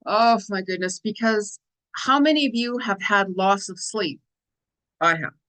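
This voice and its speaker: A woman's voice: mid-range voice, lively intonation, measured pace, bright, forceful tone, low-quality recording. A middle-aged woman hosting an astrology and tarot show, talking casually with lots of repetition and "you know" and "right?" fillers, a little tired from lost sleep. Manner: chatty, repeats phrases, frequent "you know" and "right?". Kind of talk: casual spiritual monologue.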